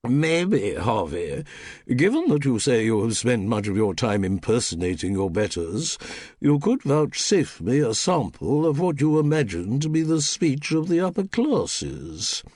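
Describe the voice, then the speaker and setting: A man's voice: medium pitch, sing-song, a little slow, a little mellow, no room sound, studio quality, pitched above the performer's own voice. A man putting on a haughty old duchess. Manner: haughty, pompous, clipped. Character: imperious elderly aristocratic dowager duchess, woman.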